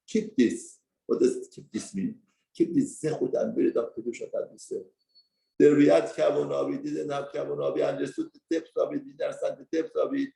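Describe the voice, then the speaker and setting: A man giving a Torah class, telling a story with lively emphasis and broken English phrasing. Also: mid-range voice, fairly quick, creaky, roomy sound, poor audio. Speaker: Torah teacher. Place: study hall.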